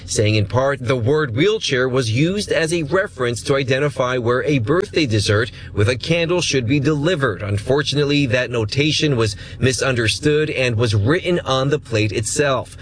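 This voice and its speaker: A male news reporter narrates a scripted story. He speaks in a steady, measured way at a middle pitch. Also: a little hiss or hum. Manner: even, measured newsreader delivery.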